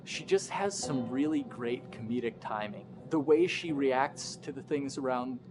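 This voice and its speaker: Man interviewed, mid-pitched voice, describing an actress's humor. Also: measured pace, background noise.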